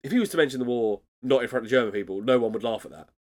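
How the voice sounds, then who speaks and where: A man's voice: mid-range voice, rapid-fire, a little hiss or hum. A man chatting casually as a podcast co-host, recapping an episode with frequent laughs and restarts.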